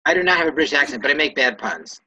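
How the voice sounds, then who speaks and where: A man's voice: fairly high pitch, expressive, very fast, pushed and bright, slightly rough, no room sound, lo-fi sound. A man leading a Torah study class, reading Hebrew and Aramaic phrases aloud and translating each one in a casual, self-correcting way. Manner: reads Hebrew and Aramaic phrases, then translates them plainly. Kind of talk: text-study lesson.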